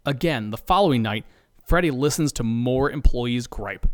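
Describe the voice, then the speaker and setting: A man narrating a comedic story in a playful, deadpan way. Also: mid-range voice, normal speed, dry recording, studio quality.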